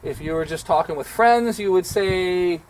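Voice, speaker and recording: High-voiced, folksy man teaching outdoors. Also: moderate pace. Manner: folksy, rambling, self-deprecating. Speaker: martial arts instructor. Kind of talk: casual instructional talk.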